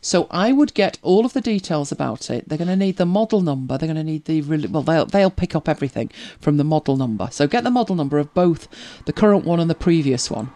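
Barely pausing, this tech help show host talks fast in a dark, medium-pitched voice with lively intonation. The casual chat with viewers' questions is full of easy laughter, and words get repeated at the start of sentences.

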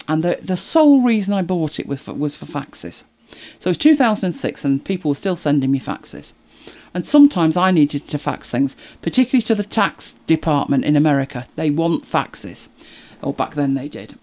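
A middle-aged woman chatting to camera as a video creator, animated and exasperated, laughing at herself. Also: deep voice. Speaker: YouTube creator. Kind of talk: casual chat to camera.

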